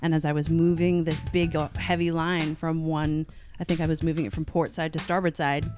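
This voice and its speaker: A woman's voice: sits low, flat delivery, fairly quick, darkish tone, soft background music. A Canadian woman chatting as a podcast guest, telling a story with lots of laughs and likes. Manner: laughs often, rambling with many likes. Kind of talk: casual storytelling chat.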